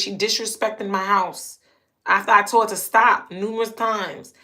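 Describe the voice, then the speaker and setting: A woman's voice: medium pitch, steady tone, normal speed, sharp tone. A woman hosting her own channel, telling a personal story in a casual monologue, hammering home her points by repeating phrases. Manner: emphatic, repeats phrases for punch. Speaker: channel host.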